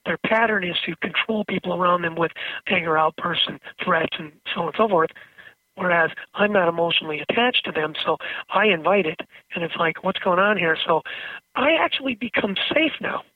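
Therapist guy calling in, phone-line sound, kinda husky, explains with stories. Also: high-pitched, brisk, dry recording, distant mic. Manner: explanatory, storytelling with acted-out quotes. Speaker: therapist guest. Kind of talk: phone-in radio interview.

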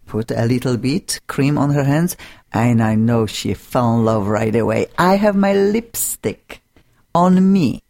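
A woman's voice: extremely low pitch, darkish tone. A woman hosting a studio talk show, chatty and enthusiastic, with non-native phrasing. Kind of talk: casual studio chat.

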